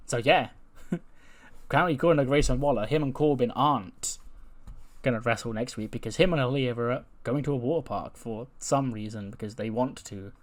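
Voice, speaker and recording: A man's voice: medium pitch, fairly quick. A man casually retelling a wrestling show, chatty and laughing as he goes. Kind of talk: casual recap chat.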